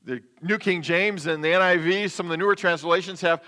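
A male pastor delivers a sermon in an easy, conversational way, tossing rhetorical questions to the congregation. His voice sits high and sounds bright and forceful. It rings with a long reverb through a church sanctuary. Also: normal speed, clean tone.

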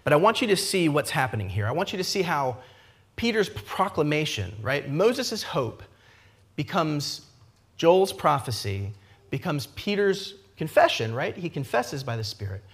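A man preaching a sermon, retelling scripture in a lively conversational way, often adding asides and briefly acting out the characters' lines. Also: on the high side. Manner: lively expository preaching, frequent asides with "right?"; acts out the characters' lines in quick voices. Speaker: pastor.

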